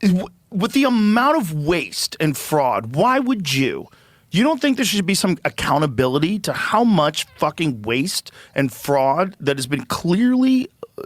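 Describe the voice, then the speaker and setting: A podcast host heard in a played clip, ranting heatedly and swearing during a conversation. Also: male voice, fairly high pitch, dry recording.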